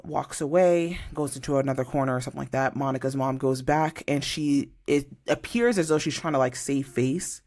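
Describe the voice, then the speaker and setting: A woman's voice: extremely low pitch, brisk, hardly any pauses, a little mellow. A young woman co-hosts a casual podcast, recapping reality TV drama. She tells the story with energy and acts out each quote. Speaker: podcast co-host.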